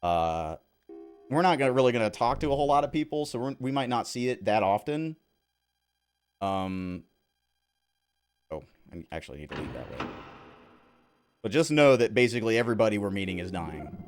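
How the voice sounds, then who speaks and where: A man's voice: lowish voice, very animated, moderate pace, long pauses, soft background music. A man from Southern California giving casual gameplay commentary as a streamer, with laid-back, rambling asides.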